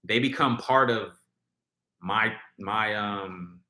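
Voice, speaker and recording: Reacting to music on a casual stream, a man with a fairly low, bright voice speaks forcefully and slowly. He reads viewer comments and rambles, filling gaps with fillers and restarting sentences. Echo from a roomy space surrounds the audio.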